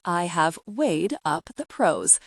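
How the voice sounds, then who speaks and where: A woman's voice: fairly low pitch, big pitch swings, takes it slowly, vocal fry, no room sound, clean studio sound, full character voice. A woman voicing a sarcastic, clipped male bank manager in an audiobook. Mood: cold, sarcastic. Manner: scathing, clipped.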